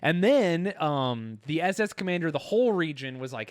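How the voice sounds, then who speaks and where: Lively man telling a story on a podcast. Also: fairly high pitch, a little fast, few pauses, no room sound, clean studio sound. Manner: animated storyteller, acting out quotes with profanity. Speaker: podcast co-host. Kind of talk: casual chat.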